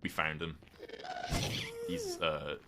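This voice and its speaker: This British streamer has a strikingly deep voice and talks slowly, drifting from topic to topic as he plays. He reads out messages from viewers and replies easily, with soft rain noise in the background.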